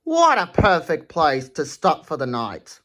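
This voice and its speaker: A friendly, easygoing male train engine chats like a good mate, as a woman reader does his voice. His lines are laid-back and slow, with a lively rise and fall, read from a picture book. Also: low-pitched, heavily acted.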